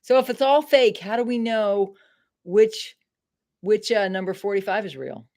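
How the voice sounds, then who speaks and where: A woman's voice: mid-range voice, a little slow, darkish tone. A middle-aged woman from Maine hosting a casual livestream from her home, chatting to viewers and swearing freely when frustrated. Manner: frustrated and swearing, talks straight to chat. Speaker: livestream host.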